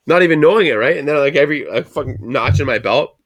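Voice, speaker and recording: The audio is lo-fi, carrying a fast, somewhat high male voice. He's a Canadian podcast host rambling through an animated, profanity-laden story, swearing constantly in a casual way.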